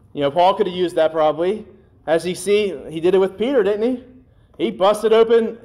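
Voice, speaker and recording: A man preaching a sermon in a conversational way, with folksy asides, and slowing down on scripture phrases. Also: a little high, a little mellow. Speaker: pastor.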